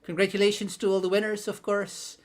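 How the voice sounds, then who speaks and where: A man co-hosting a casual livestream, relaxed and laughing often, with lots of fillers. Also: sits high, fairly quick. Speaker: co-host.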